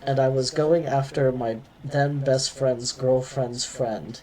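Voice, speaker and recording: A man reading a young male elf freelancer's game lines in a casual, slightly cocky storytelling way, over loud background noise. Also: medium pitch, steady tone, slow pace, close to an everyday voice. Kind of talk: reading game dialogue aloud.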